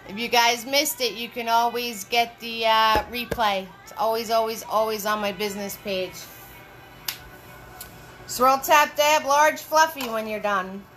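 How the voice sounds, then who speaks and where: A woman leading a live painting lesson, chatty and encouraging, giving slow step-by-step instructions and greeting viewers by name. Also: fairly high pitch, fairly even intonation, over music, poor audio.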